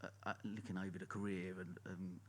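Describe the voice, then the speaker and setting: A man's voice: low voice, flat delivery, quick pace, slight background noise. A man from Essex with an Essex accent, hosting a live podcast and asking loose, rambling questions. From England, Essex. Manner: loose, rambling questions with fillers, laughs easily. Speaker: podcast host. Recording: faint background ambience.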